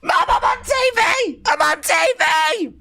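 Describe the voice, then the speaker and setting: A man putting on the voice of a young child fan who shouts in high squeals. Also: lively intonation, unhurried, creaky, a little hiss or hum, exaggerated voice. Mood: overjoyed. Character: excitable young child fan, wailing then thrilled.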